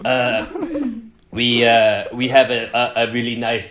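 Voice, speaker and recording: Canadian guy, podcast guest, mid pitch, loose rambling talk, echoey room. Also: steady tone, normal speed, fairly bright tone. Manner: rambling, lots of fillers and restarts. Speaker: podcast guest, fashion editor. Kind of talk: casual chat.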